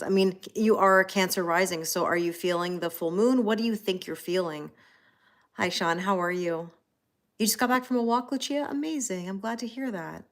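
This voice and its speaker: A woman in her forties, a tarot reader hosting a livestream, chatting casually with viewers and telling rambling stories full of fillers. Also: mid-range voice. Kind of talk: casual chat greeting live viewers.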